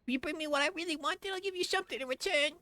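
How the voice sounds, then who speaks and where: A man reading video game characters' lines aloud in a high, sing-song put-on voice. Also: very fast, sharp tone, soft background music. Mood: playful.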